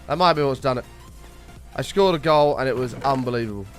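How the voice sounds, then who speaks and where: A young man hosting a casual gaming live stream, greeting viewers by name and chatting with excitable bursts, his voice slightly rough. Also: medium pitch, brisk, faint music behind.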